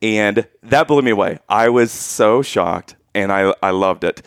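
A man's voice: lowish voice, a little slow, smooth, no room sound, studio quality. A man co-hosting a casual chat, telling personal stories animatedly and laughing often. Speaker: podcast co-host.

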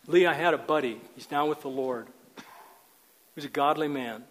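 A man's voice: fairly high pitch, normal speed, long reverb tail, poor audio. An older man teaching a men's group in a sermon style, earnest and emphatic, often repeating words.

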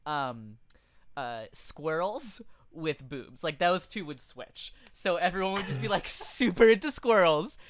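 Male podcast co-host, lively pitch, cracks quick jokes between laughs. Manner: joking, quick asides, frequent laughter. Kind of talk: casual comedy chat.

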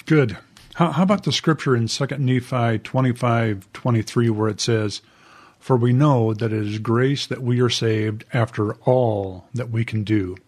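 A man with a steady, middle-pitched voice hosts a casual podcast interview. He poses questions and reads passages aloud at a slow pace. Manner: asks questions, reads scripture aloud slowly. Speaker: podcast host.

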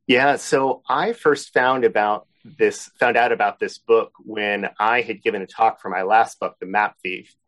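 A man's voice: lowish voice, steady tone, measured pace, a bit bright. A man being interviewed as an author, telling a friendly anecdote about how his book began. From Boston area. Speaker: author guest. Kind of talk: interview answers, storytelling.

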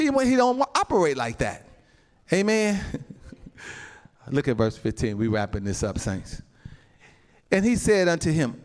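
A man pastor preaching a sermon, calling out to the saints, laughing between lines and reading scripture slowly. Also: high-pitched. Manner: reads scripture slowly, then voices people's complaints.

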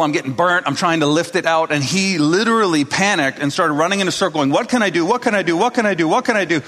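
A man's voice: fairly high pitch, a bit bright. A man preaching a sermon to a congregation in a casual, storytelling way, acting out the people in his stories. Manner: conversational storytelling, acting out quotes. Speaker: pastor. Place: church hall. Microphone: speaking to a live congregation. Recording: long reverb of a large hall.

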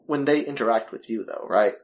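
A man's voice: mid-range voice, a little fast. A man co-hosting a podcast in casual chat, teasing and playful toward his co-host.

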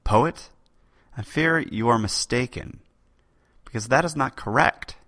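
A man doing a steady young king. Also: mid-range voice, unhurried, pitched above the performer's own voice. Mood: firm.

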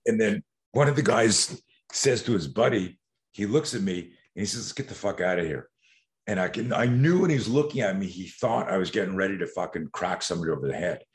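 A Canadian man with a deep voice and lively intonation tells rambling stories at a fairly quick pace. He's a guest, a coach who talks about fear, and in this casual interview he swears, restarts a lot, and uses many fillers.

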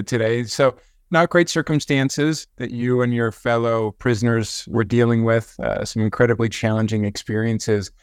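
Male podcast host, smooth resonant voice, dry studio sound. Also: medium pitch, dry recording. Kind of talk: interview hosting.

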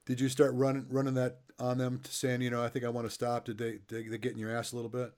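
A man's voice: mid-range voice, completely flat delivery, fast talker, a little mellow. Chatty middle-aged man telling stories. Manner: chatty, tells stories, laughs along. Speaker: interviewer and coach. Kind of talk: casual interview chat.

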